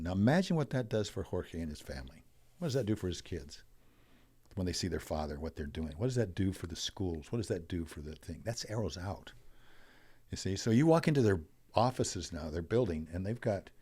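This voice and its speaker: An older man, a guest on a podcast, telling an animated story about business and mindset, his voice swelling and dropping as he makes his point. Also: low-pitched, slightly rough. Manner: animated storyteller, rising and falling in loudness. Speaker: podcast guest, wealth coach.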